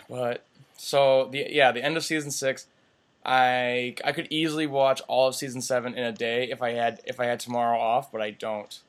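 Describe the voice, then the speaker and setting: A young man co-hosting a podcast in casual chat, excitable, swearing a lot and restarting his sentences. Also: medium pitch, normal speed. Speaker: podcast co-host. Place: apartment room.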